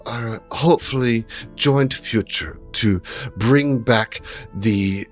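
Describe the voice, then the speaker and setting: A man doing a flustered, pompous party host. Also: lowish voice. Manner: flustered, shouting orders.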